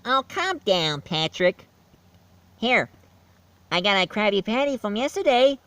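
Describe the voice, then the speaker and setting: A man voicing a cheerful, eager young sea sponge fry cook in a bubbly, excited cartoon voice. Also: high voice, measured pace, no room sound, pitched above the performer's own voice, exaggerated voice.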